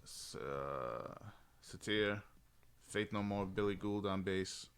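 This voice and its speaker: A man's voice: fairly low pitch, slow pace, smooth. A man in a casual podcast chat, blunt and reading out search results.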